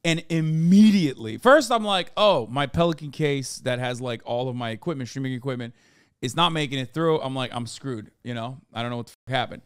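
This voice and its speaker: A man casually telling a story on a podcast, animated and swearing freely, acting out the people in it. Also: medium pitch, a little fast, smooth, dry recording, clean studio sound. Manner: animated, swears, acts out quoted officials.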